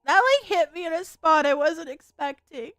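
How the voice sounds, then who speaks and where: A young woman reacting to a romance game on stream, her high voice bright and full of wide swings. She shifts from quiet reading to loud outbursts and cursing, close and dry with faint music behind. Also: animated, normal speed, no echo.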